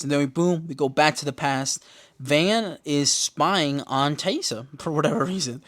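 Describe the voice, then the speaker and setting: A man casually recapping a TV episode, animated and profane, briefly mimicking the characters' lines. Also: on the high side. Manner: animated, profane, acts out characters' lines in quick put-on voices. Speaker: podcast host recapping a TV show.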